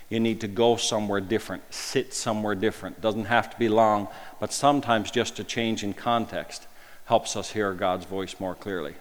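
A man preaching a sermon in a conversational way, asking rhetorical questions and moving between emphatic lines and hushed ones. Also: lowish voice. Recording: long hall reverb.

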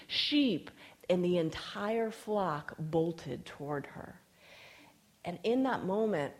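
A woman's voice: deep voice, a little mellow. Woman telling a sermon story. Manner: storytelling, reads scripture aloud with emphasis. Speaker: speaker.

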